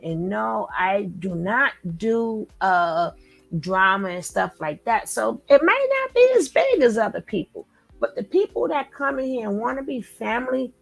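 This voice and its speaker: A woman hosting a live stream, chatting casually and effusively with her viewers and shouting them out by name. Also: a little high, lively intonation, a little slow, gravelly, rough recording. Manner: effusive, talks straight to chat, shouts out viewers. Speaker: livestream host.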